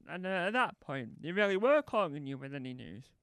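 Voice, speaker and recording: A man's voice: on the high side, sing-song, a little fast, a bit bright, smooth. A man doing stand-up comedy, telling a meandering anecdote that keeps correcting itself and acting out both sides of conversations.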